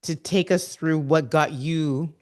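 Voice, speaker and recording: Slow, hesitant podcast host. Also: medium pitch, steady tone. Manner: hesitant, searching for words, with fillers. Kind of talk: interview questions.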